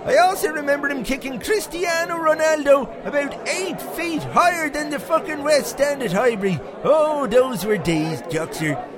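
A rambling, foul-mouthed Irish pub regular spins boastful tall tales. His voice sits very high. A pub crowd chatters clearly behind him. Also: lively intonation, normal speed, music in the background. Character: crude boastful Irish pub regular, middle-aged man. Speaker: segment presenter. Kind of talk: comic monologue character.

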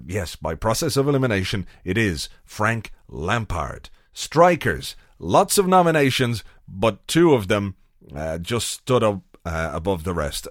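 A man's voice: lowish voice, dry recording, clean studio sound. A man hosting a casual solo podcast, wry and sweary, rambling with lots of fillers. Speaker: podcast host.

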